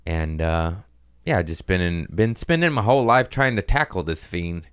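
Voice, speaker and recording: Deep-voiced man rambling on a podcast. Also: animated, normal speed, clean tone, no room sound, studio quality. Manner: rambling, profane, self-mocking. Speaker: podcast host. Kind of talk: casual comedic podcast monologue. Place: at home, gardeners working outside.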